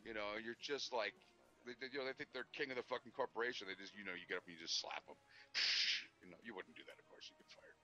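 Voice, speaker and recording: A man's voice: on the low side, fast, pushed and bright. A man who drives trucks, telling long rambling stories in casual podcast chat and cursing freely. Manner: profane, rambling storyteller. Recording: dull lo-fi podcast audio.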